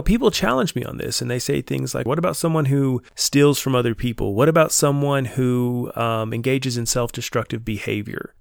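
A man hosts a solo podcast in a measured, earnest, reflective manner. His voice has a gravelly, fry-touched texture and sounds a little stuffy from a stomach bug. The sound is dry and close, with no room echo. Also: medium pitch. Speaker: podcast host and counselor.

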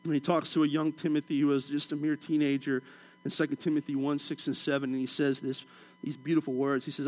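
Middle-aged man, high-pitched preacher from Washington, D.C.; sermon delivery with jokey asides and hushed emphasis. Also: level tone, quick pace. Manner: storytelling with humorous asides and chuckles; drops to a soft, low voice for emphasis.

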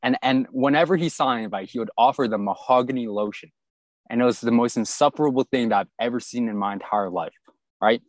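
A young man telling an exaggerated comic story from high school in a casual chat. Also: quick pace, no echo.

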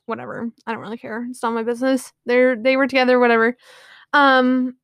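Woman host, slightly high and smooth voice, loose chatty retelling, lots of "like"s, keeps apologizing. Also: level tone, fairly quick, dry recording. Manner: rambling, filler-heavy, often apologizing. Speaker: podcast host. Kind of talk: casual retelling of a book.

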